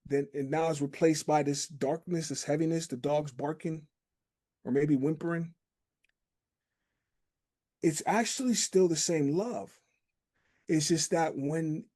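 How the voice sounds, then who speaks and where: Warm-voiced reflective male podcast host. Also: a little high. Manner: reflective, storytelling with homely analogies. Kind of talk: casual conversation.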